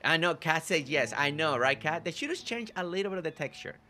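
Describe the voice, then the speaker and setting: A man's voice: on the high side, lively intonation, fairly quick, pushed and bright, slight background noise. A man with a slight non-native accent hosting a live gameplay stream, chatting upbeat with viewers as he plays. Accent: non-native English accent. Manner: upbeat, greets chat viewers by name. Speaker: gaming channel host. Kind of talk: casual live gameplay commentary. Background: faint game music.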